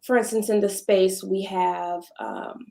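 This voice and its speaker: Woman guest, casual storyteller, video call mic, mid pitch. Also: a little slow, gravelly, reverberant. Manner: storytelling, animated when quoting others. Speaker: guest entrepreneur. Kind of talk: casual panel conversation. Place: home, virtual video call. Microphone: video call microphone.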